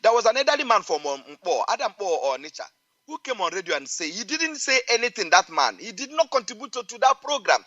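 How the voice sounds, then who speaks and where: A man's voice: high-pitched, sing-song, fast talker, sharp tone, dull audio. A man with a Nigerian accent calling into a radio show, speaking in a preachy, emphatic way and repeating phrases. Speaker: caller.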